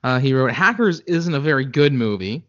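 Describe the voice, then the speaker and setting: A man's voice: mid-range voice, expressive, no room sound. Movie podcast cohost guy, stumbles over words, muffled sound. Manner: halting, stammers and restarts. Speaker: podcast co-host. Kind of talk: casual movie podcast chat.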